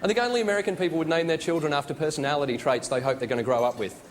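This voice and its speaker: A man's voice: a little high, racing. An Australian man hosting an awards ceremony, telling jokes in a dry, wry stand-up monologue in a large theatre. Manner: dry, wry joke delivery. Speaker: awards show host. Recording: live stage with crowd and noise.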